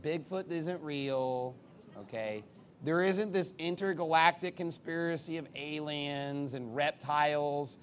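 A combative male preacher whose voice sits slightly high for a man. He swings between loud, punchy bursts and low, muttered asides, pressing every point hard and adding sarcastic jabs. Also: slow pace, slight background noise. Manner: big swings in pitch and loudness. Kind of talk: sermon.

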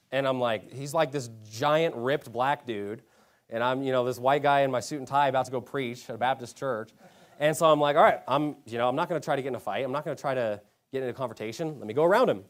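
Brief: male preacher, somewhat higher pitch, emphatic storytelling sermon delivery with rhetorical questions. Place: church hall.

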